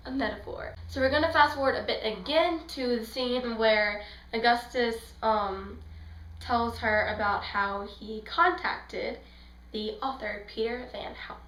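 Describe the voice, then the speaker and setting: A woman's voice: fairly high pitch, measured pace, a bit bright, roomy sound, rough recording. A young woman giving a casual, gushing fangirl movie review, rambling and acting out the scenes she retells. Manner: gushing, rambling, acts out scenes in quoted voices. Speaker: book and film reviewer.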